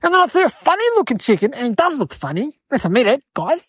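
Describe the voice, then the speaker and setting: A woman voicing an eight-year-old city boy, telling a rambling comedic story in a whiny, excitable way. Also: high voice, fast talker, breathy edge, no room sound, heavily acted. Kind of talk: comedic character monologue.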